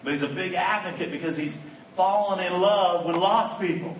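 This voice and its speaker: A man preaching at a conference, telling a story with lively energy and slipping into the voices of the people in it. His voice sits a little high for a man. It sounds roomy and a bit distant, with a faint hum behind it. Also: moderate pace. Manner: animated storyteller who acts out quoted lines. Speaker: conference speaker and trainer. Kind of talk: storytelling sermon. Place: conference hall. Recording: echoey hall, mic at a distance, faint background noise.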